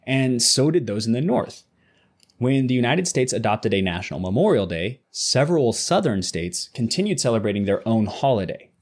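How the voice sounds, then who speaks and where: A man co-hosting a casual podcast, talking through the news with animated, rising emphasis and reading passages aloud. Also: mid-range voice, moderate pace. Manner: animated, voice jumps up when making a point. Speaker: podcast co-host.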